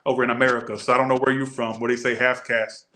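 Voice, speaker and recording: A man's voice: mid-range voice, fast. Blunt joking Southern man, echoey room. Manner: animated, blunt, joking, swears freely. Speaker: tarot reader. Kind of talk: casual tarot reading.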